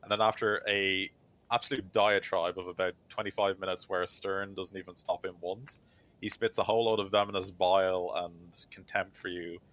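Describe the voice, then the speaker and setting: A man's voice: low-pitched, fairly bright tone. A man narrating as game master of a tabletop game, speaking in a loose style with many fillers. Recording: slightly dull lo-fi mic.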